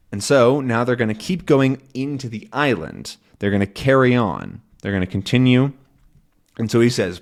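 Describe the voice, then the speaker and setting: A man teaching English to learners, explaining a comic slowly and patiently, repeating and rephrasing, often checking "right?". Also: mid-range voice, expressive. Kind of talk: slow explanation for language learners.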